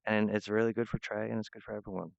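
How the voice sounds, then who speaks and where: A man talking to his viewers in a rambling, apologetic monologue, drifting from one idea to the next and pitching himself as a wizard. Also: level tone, fast, creaky, no room sound, dull audio.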